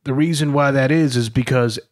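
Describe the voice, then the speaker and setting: A man's voice: mid-range voice, brisk. A man hosting a casual podcast, asking his guest questions and explaining background for the listeners. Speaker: podcast host.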